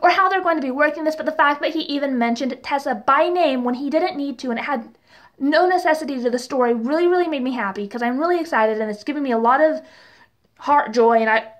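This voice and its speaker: A young woman reviewing a TV episode in a casual vlog, chatty and gushing, with lots of fillers and exasperated rhetorical questions. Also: high voice. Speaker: TV and book reviewer.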